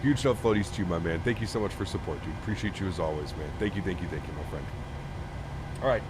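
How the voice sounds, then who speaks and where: A man's voice: low-pitched, fast. Laid-back Canadian man streaming, noisy backdrop. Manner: laid-back, reads chat, keeps thanking viewers. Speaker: flight sim streamer. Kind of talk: casual live-stream chat. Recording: steady background noise.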